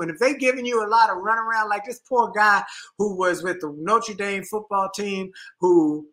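A middle-aged man co-hosting a relationship talk show, speaking in an animated, emphatic way and often repeating words as he thinks. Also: sits high, moderate pace. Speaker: co-host.

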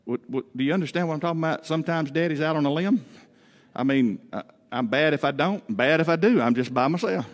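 A male pastor preaching a Father's Day sermon, telling homey stories with humor and swinging between loud emphatic rises and quiet drops. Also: fairly high pitch, fast talker. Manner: folksy storytelling with humor. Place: church sanctuary. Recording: echoey church hall.

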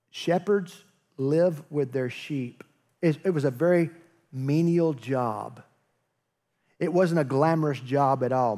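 A man's voice: on the high side, warm tone. A man preaching a sermon as pastor, telling a story with acted-out dialogue and joking asides.

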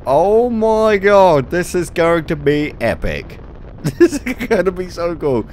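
A man commentating his own gameplay, excited, giggling often and exclaiming at explosions. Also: a little high, a little slow, a little hiss or hum. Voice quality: giggly, frequent laughter and exclamations. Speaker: gaming YouTuber.

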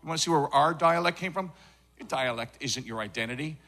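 A man doing a live stand-up set on a theater stage, animated and jumping between put-on voices and dialects. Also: fairly high pitch, a little fast, vocal fry. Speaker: stand-up comedian.

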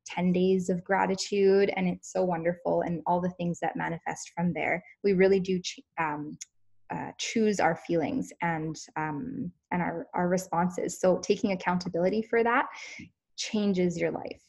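Female host, lower pitch, earnest and unpolished delivery. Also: fairly even intonation, measured pace, creaky, a little mellow. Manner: earnest, lots of fillers and restarts. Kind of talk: wellness talk.

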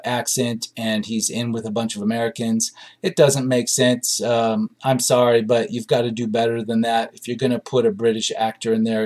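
Man, mid-pitched, review show host, casual commentary, blunt and dismissive, lots of ums and uhs. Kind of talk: casual spoken commentary reading out and reacting to audience reviews.

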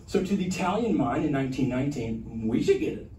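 A man giving a conversational history talk to a library audience, with animated asides. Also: mid-range voice, fast. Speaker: history lecturer. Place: library meeting room. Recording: echoey room, from a distance, faint room noise.

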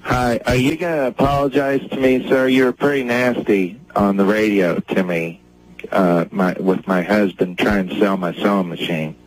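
A man's voice: on the low side, fairly even intonation, normal speed, soft background music, lightly acted, low-quality recording. A man playing an angry wife who calls a radio show, indignant and accusing. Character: angry offended wife calling in.

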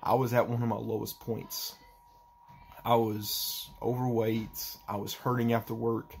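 Young guy vlogging, low gravelly voice, flat and halting, choking up a bit. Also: slight background noise. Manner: halting, emotional, restarts often. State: holding back tears. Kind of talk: personal vlog talk.

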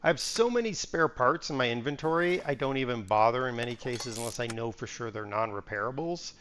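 Playing a game on a live stream, a man rambles, chats casually with viewers and mutters part numbers to himself. His mid-range voice is animated and fairly bright, moving a little fast. The recording carries a little hiss or hum.

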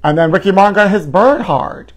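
A man's voice: high voice, brisk. A man doing a flamboyant gossip show host. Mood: campy. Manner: dramatic, rambling, sighing and groaning. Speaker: parody talk-show host. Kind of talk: campy comedic monologue.

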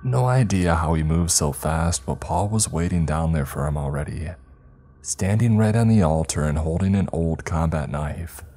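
A man's voice: very deep voice, normal speed, mellow. A man reading as a grieving retired space communications chief. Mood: somber. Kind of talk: scripted horror narration. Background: faint music.

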